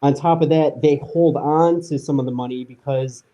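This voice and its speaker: A man's voice: on the high side, normal speed, muffled recording. A man and indie filmmaker talking plainly in a casual live chat, with frequent restarts. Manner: relaxed, matter-of-fact, talks in short restarts.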